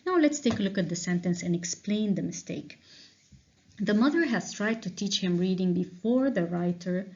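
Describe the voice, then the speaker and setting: A woman teacher going through revision answers with a class, explaining slowly and checking in with frequent "okay?"s. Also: mid-range voice, lively intonation, a little mellow, a little hiss or hum. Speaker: English teacher. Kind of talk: revision lesson walkthrough. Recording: dull lo-fi recording.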